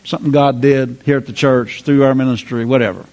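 A man's voice: medium pitch, fairly even intonation, fairly quick, a little mellow. A man preaching a sermon as pastor, exuberant and repetitive, often laughing.

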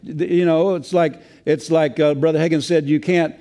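A man's voice: on the high side, steady tone, moderate pace, mellow. A male pastor preaching a sermon in a folksy way, with many fillers and restarts.

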